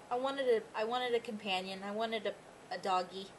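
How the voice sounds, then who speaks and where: Young woman, casual pet vlog, bright voice, light background hiss. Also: normal speed, low-quality recording. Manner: chatty, with high baby talk to her dogs. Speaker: pet vlogger. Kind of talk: casual chat, reading tag questions aloud.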